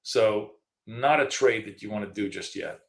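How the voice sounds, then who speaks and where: A man's voice: on the low side, moderate pace, gravelly, fairly bright tone, echoey room. A middle-aged man co-hosting a live trading stream, talking casually with lots of fillers and restarts. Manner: chatty storyteller, frequent fillers and restarts. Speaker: trading show co-host.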